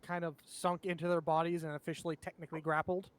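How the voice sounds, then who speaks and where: A man with a notably high-pitched voice narrates a tabletop game as game master. He describes the scene vividly and pauses to explain rules and checks to his players, laughing along with them. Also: little pitch movement.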